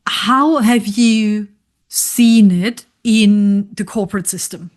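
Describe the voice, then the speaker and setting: A woman's voice: medium pitch, slow pace. A woman hosting a podcast interview, asking open and sympathetic questions. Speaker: podcast host.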